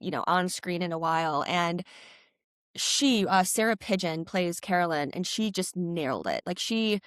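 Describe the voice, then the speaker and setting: A woman's voice: lowish voice, lively intonation, moderate pace, clean tone, no room sound, studio quality. A woman co-hosting a podcast in casual chat, rambling with lots of "like" and "um". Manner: chatty, fillers like "like" and "um". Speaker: podcast co-host.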